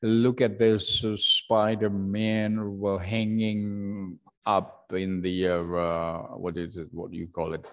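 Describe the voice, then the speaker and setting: A man teaching an English class with an Indonesian accent, hesitating often with fillers and acting out example sentences loudly. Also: sits low.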